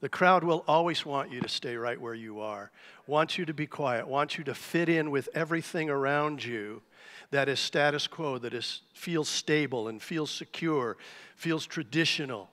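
A man preaching a sermon to a church congregation, telling a story with lively, animated delivery. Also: on the high side, normal speed. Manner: animated storytelling, acts out shouted cries. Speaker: pastor. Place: church sanctuary. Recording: live church hall reverb.

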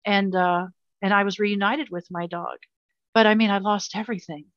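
A woman's voice: medium pitch, fairly even intonation, normal speed, no room sound, lo-fi sound. An older woman telling a painful personal story in an interview, earnest and emotional, often repeating herself. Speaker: guest.

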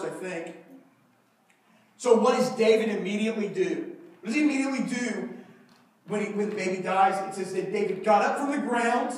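A man preaching a sermon as pastor, telling the story in an animated, conversational way with humor. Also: very high-pitched. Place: church sanctuary. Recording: very echoey hall, mic far off.

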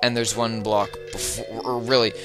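A man giving casual, rambling, jokey gameplay commentary from home, breaking into loud excited yelps. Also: fairly low pitch, moderate pace. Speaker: let's player. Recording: video game music playing behind.

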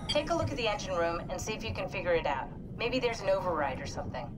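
An actress voicing a calm, brisk woman who guides a crewmate over the radio in a level, businesslike way. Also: mid-range voice, close to an everyday voice. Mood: urging. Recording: game audio over loud ambient noise.

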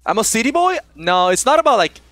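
Young korean guy streaming, talks high and bouncy, dry close mic. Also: fast talker, dry recording. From South Korea. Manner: excitable, laughs often, chats with viewers while playing. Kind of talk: casual gameplay stream chat.

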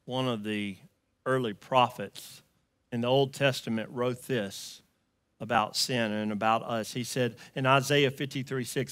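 A male pastor with a Southern US accent preaches in a storytelling way. His tone is bright and forward. The sound is dry and close, and he swings from loud, emphatic lines to quiet, hushed ones. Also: mid-range voice, fairly even intonation, unhurried, no room sound. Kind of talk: sermon.

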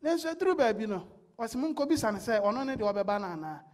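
Woman preacher, high voice, call-and-response delivery. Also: very animated, quick pace, darkish tone, faint music behind. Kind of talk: sermon.

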